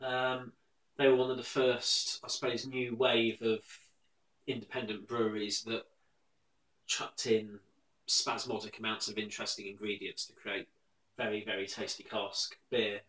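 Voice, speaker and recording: A man's voice: lowish voice, flat delivery, unhurried, fairly bright tone, echoey room, poor audio. A man co-hosting a casual beer review. He makes dry, wry jokes and uses plenty of fillers. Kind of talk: casual chat.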